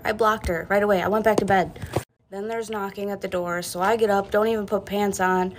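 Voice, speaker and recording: A woman's voice: medium pitch, fairly even intonation, moderate pace, a little hiss or hum. A young woman telling a personal story in a blunt, matter-of-fact way, as a casual storytime to camera.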